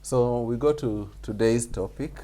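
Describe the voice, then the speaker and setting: Leading a music theory lesson for an online group over video, this man explains with patience, going over points again and using little fillers. His voice is medium in pitch and dark in tone, at a measured pace.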